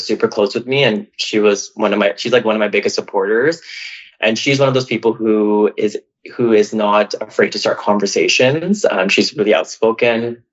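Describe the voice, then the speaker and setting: A man's voice: on the low side, fairly bright tone. A man from Canada talking openly about his life in a podcast, telling a personal story in a chatty, emotional way with lots of "like". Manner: chatty, heavy use of "like", emotional and open. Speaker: podcast guest. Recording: dull, lo-fi audio.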